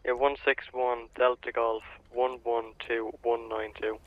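A man playing a police officer reading a plate over radio, in measured procedure. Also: mid-range voice, little pitch movement. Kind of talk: radio role-play. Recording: dry tinny radio line.

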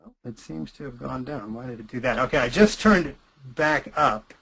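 A man's voice: medium pitch, animated, moderate pace, gravelly, a bit bright, slightly rough, low-quality recording. A man giving an online lecture, emphatic, repeating key phrases for stress, into a computer microphone. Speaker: webinar lecturer.

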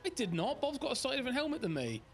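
A man's voice: extremely high pitch, huge pitch swings, racing, loud music behind the voice. A young man bantering during a game, playful and a little whiny, laughing often. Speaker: co-player. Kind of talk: casual gaming banter.

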